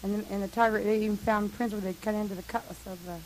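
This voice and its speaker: A woman telling a long, lively, profane anecdote to a group, laughing often. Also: medium pitch, fast talker, rough recording. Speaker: storyteller at a meeting. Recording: hissy old tape recording.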